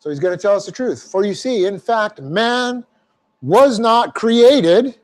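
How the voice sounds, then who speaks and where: Teaching a Bible class verse by verse, this man explains Greek grammar one step at a time. His high voice is animated and moderately paced, and he leans on folksy asides and repeated phrases to drive points home.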